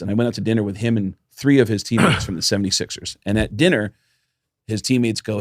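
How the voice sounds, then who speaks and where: A man's voice: on the low side, fast, dry recording, studio quality. A man who is a comedian and podcast host, telling a story in casual chat, swearing freely and acting out the people in it.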